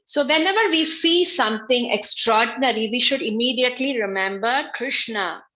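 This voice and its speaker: A woman giving a religious class over a video call, explaining slowly and patiently, often repeating her phrases. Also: fairly high pitch, sharp tone, low-quality recording. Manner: slow, repetitive, patient explaining. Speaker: spiritual teacher.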